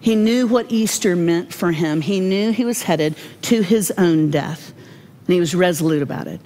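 A woman giving a devotional Bible teaching, folksy and humorous, with animated storytelling. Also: lowish voice, moderate pace.

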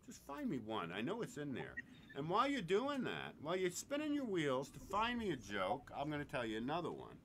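A man hosting a casual podcast, swearing freely and telling jokes with big swings between loud and murmured delivery. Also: fairly high pitch, wildly swooping pitch, fairly quick, slight background noise. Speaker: show host.

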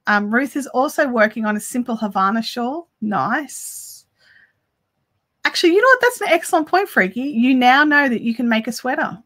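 A woman chats on a live stream while she crochets. Her voice is bright and a little high, and she talks straight to the viewers as she reads their comments out. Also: lively intonation, moderate pace. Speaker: crochet livestream host.

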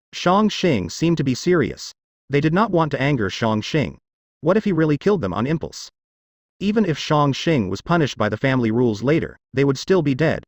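Man narrating with lively pitch. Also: no echo, clean studio sound. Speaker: audiobook narrator. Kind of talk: scripted narration.

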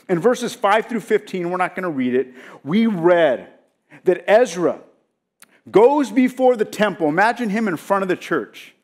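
High-voiced, animated male pastor preaching. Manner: animated, emphatic preaching with rhetorical questions to the congregation. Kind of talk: sermon.

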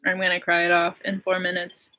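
A woman's voice: fairly low pitch, monotone, fairly quick, lo-fi sound. A young woman musician chatting on a livestream, giddy and gushing, laughing often. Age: young adult. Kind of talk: casual livestream chat. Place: home.

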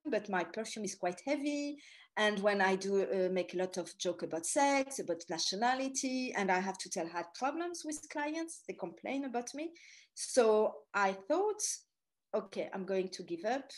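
A middle-aged woman from France with a French accent, telling stories in an animated, chatty presentation full of asides. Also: mid-range voice, normal speed. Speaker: tour guide giving a talk. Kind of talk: storytelling presentation.

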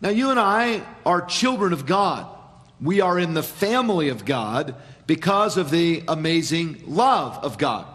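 A man preaching a sermon as pastor in a church, measured, with dramatic pauses and sudden quiet drops. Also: on the high side, sing-song, big-room sound. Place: church sanctuary.

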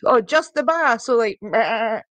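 A woman's voice: fairly high pitch, lively intonation, measured pace, a bit bright, no echo. A young woman hosting a live stream, chatting playfully with viewers, giggling, and reading oracle cards aloud. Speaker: podcast host doing oracle card readings.

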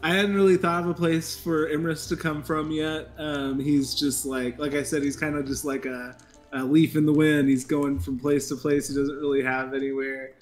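A man player describing his character in casual game chat, halting, with many pauses and fillers. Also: fairly high pitch, little pitch movement, faint music behind. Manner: hesitant, halting, many ums.

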